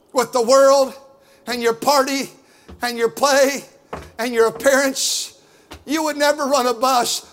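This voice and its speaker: A middle-aged man preaching a fiery sermon as pastor, loud and boisterous, building to shouts. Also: very high voice.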